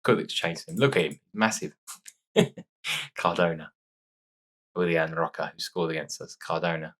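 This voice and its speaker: Casting note: low-voiced male let's-player, chatty and excitable, slightly stuffy from sneezing. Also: measured pace. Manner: chatty, excitable reacting to match play. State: sore nose after sneezing fit. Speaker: gaming YouTuber. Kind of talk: casual let's-play commentary.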